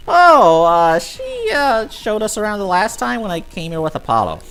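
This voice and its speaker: Friendly, affectionate young woman from a game, put on by a male streamer; lifted pitch, bright delivery. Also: wildly swooping pitch, moderate pace, smooth, faint music behind, heavily acted. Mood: surprised. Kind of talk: reading game dialogue aloud.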